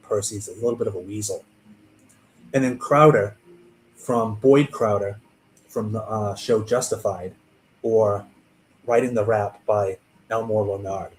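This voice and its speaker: Streaming from home, a male author talks casually through his book's characters, self-interrupting with small restarts. His lowish voice is steady and measured, with frequent pauses, and the low-quality recording carries slight background noise.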